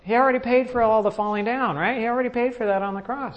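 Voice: medium pitch, brisk, few pauses, muffled recording. A preacher giving a sermon as a conversational personal story, with frequent restarts and questions to the audience.

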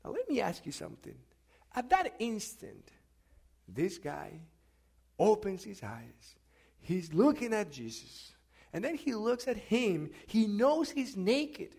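A man preaching a sermon in a strikingly high voice with a gravelly edge. He drops to hushed, thoughtful lines, then climbs into loud, insistent questions aimed at his listeners. The delivery is rhetorical and call-and-response in feel. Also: big pitch swings, slow pace. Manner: swings from quiet musing to loud emphatic questioning of the congregation.

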